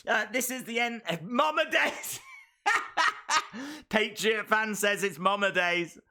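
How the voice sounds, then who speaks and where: A man's voice: sits high, bright, forceful tone. Chatty British man hosting a live stream. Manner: chatty, laughing, reads out viewer comments. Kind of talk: casual live-stream chat.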